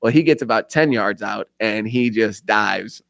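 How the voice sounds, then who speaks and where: A man's voice: on the low side, unhurried, vocal fry, no echo. A man with an Indiana accent telling a long story on a radio show, acting out other people's lines and laughing often. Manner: animated storyteller, acts out voices, laughs often. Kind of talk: casual storytelling chat.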